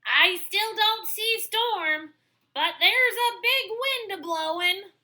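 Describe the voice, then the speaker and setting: A woman's voice: extremely high pitch, animated, slow pace, bright, forceful tone, voice pushed up, full character voice. A woman voicing a flustered male duck in a storybook, sputtering and dropping quacks between words. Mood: reporting.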